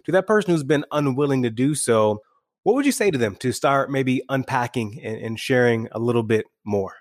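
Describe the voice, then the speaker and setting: A man hosts a podcast interview in an enthusiastic, affirming way. His voice sits at a middle pitch and sounds dry and close. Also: lively intonation, moderate pace, no echo. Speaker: podcast host.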